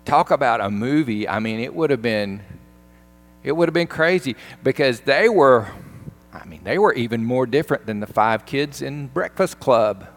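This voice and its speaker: A pastor giving a sermon, retelling a film scene in an animated, emphatic way. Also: male voice, medium pitch, normal speed.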